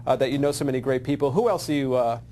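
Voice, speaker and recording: A man hosting a comedy talk show who plays the straight man, feeding setups with halting, filler-heavy questions. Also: medium pitch, warm tone, slight background noise. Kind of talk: comedic interview banter.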